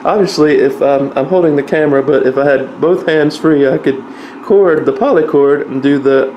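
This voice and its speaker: This vlogger's voice is fairly high and darkish, moving at a moderate pace, and the recording has its highs cut off. He casually rambles with lots of fillers while showing a small vintage organ, which can be heard playing behind him.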